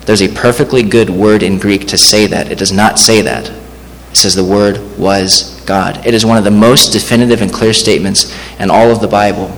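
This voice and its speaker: Pastor, male, lowish voice, deliberate sermon delivery, slows down for scripture, long hall reverb. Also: fairly even intonation, a bit bright, slight background noise. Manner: measured, slows down to read scripture.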